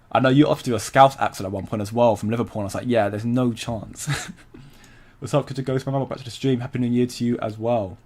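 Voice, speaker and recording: A young man hosts a relaxed crypto livestream, speaking at an ordinary mid-range pitch. He rambles loosely and conversationally, stopping to greet viewers and respond to their comments, and laughs easily.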